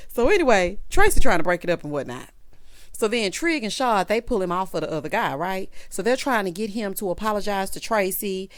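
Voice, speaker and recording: Woman doing a tv recap, sassy and animated, mid pitch, chatty asides to viewers. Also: fairly quick. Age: adult with a child. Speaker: TV recap reviewer. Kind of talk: casual TV episode recap.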